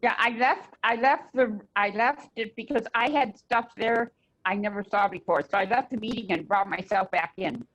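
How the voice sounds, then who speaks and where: A woman on a video call, puzzled by the software and reading out the options she sees. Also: a little high, normal speed. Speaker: book study group member. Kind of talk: casual talk on a video call. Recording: dull video call audio.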